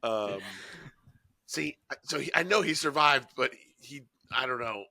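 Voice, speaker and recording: A young man playing a tabletop game, excitable and joking, with a gravelly voice. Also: medium pitch, measured pace. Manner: excitable, joking, laughs a lot. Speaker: player. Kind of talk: casual tabletop game chat.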